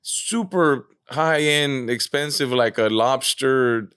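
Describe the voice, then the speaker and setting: A man as a podcast guest, telling stories in a casual, animated way, peppered with "man" and "bro". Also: mid-range voice, slow pace, clean tone, no echo, studio quality. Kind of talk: casual storytelling chat.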